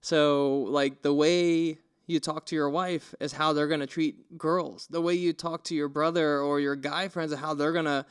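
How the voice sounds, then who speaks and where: A man's voice: on the high side, normal speed, few pauses, clean tone. A young man co-hosting a podcast, telling stories casually and acting out the quotes. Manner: animated storyteller, acts out quotes. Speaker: podcast co-host. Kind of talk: casual chat, storytelling.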